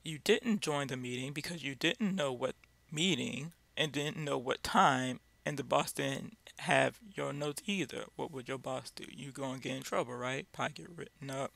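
Speaking at a normal speed in a gravelly, fairly bright mid-range voice, a man teaches an informal Bible lesson. He addresses listeners directly and keeps pressing his points with rhetorical questions. The recording is dry.

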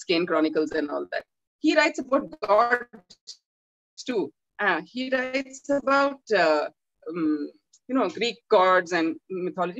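A woman gives a talk as an author and tells stories by acting out the dialogue in lively quoted voices. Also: medium pitch, lo-fi sound. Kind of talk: animated storytelling talk.

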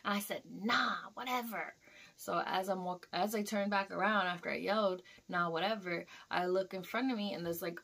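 A young woman vlogger telling a dream story in a casual, animated way, swearing freely and acting out the scenes. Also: mid-range voice, a little fast, gravelly, few pauses.

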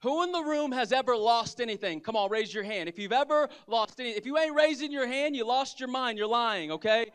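Male pastor, very high voice, lively sermon with crowd call-outs. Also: fairly quick, hardly any pauses, clear, resonant tone. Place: church sanctuary.

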